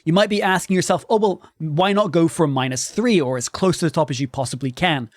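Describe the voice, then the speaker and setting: A man's voice: fairly high pitch, fast, no room sound. Dry-voiced man explaining streaming audio. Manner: clear and instructive, demonstrating volume levels. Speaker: streaming tutorial host. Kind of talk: explaining tutorial. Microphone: studio microphone with processing.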